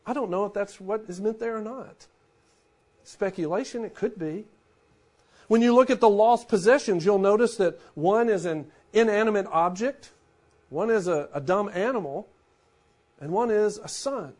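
A man in his forties, a pastor preaching a sermon in a conversational way, dropping to a hush for emphasis. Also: sits high, moderate pace.

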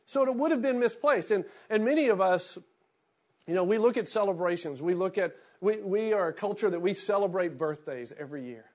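A middle-aged man, a pastor, reading scripture aloud and then preaching in a relaxed, storytelling way. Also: sits high, fairly quick.

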